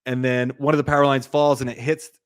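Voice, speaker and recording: A young podcast co-host rambles through a movie plot in casual recap chat, full of fillers and "like," acting out the quotes. He talks fast in a mid-range voice with a level, clean tone, recorded in studio quality with no room sound.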